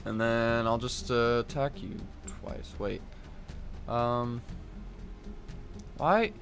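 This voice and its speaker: A man's voice: medium pitch, lively intonation, drawn-out words, a bit bright, soft background music. A man live-streaming a card game, reading card text aloud and thinking through his moves, often stopping to correct himself. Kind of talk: live gameplay commentary.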